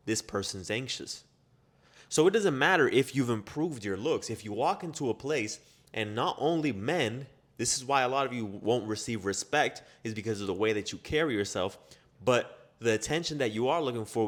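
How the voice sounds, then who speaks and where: A man giving a motivational self-improvement monologue, blunt and profane, firing off rapid rhetorical questions. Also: medium pitch, a bit bright.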